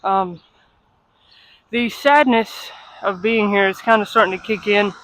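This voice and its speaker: A woman vlogging casually to her phone, chatty and self-deprecating, at times out of breath from walking fast outdoors in the cold. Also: mid-range voice, fairly bright tone, dry recording, rough recording. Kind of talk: casual travel vlog to camera. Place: outdoors on cold city streets.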